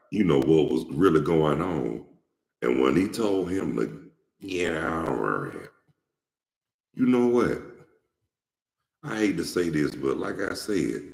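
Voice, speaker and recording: A man's voice: a bass voice, gravelly, a little mellow. A man hosting his own show, giving casual, outspoken commentary straight to his viewers and rambling with plenty of restarts and repeats. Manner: slangy and outspoken. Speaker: show host. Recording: echoey room with long reverb.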